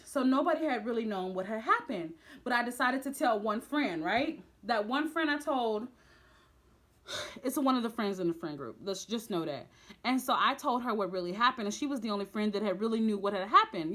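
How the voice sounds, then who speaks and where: A young woman tells a college drama story to her viewers, acting out the quotes with big swings in her voice. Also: moderate pace. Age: young adult. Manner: animated, dramatic, acts out quotes with big pitch jumps. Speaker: vlogger. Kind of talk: storytime vlog, casual retelling.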